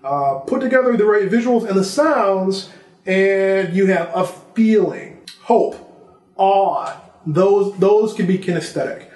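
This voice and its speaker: A man's voice: high-pitched, animated, slow, a little mellow, roomy sound. A man giving a casual vlog lesson on filmmaking, talking conversationally and listing examples. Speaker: filmmaking instructor.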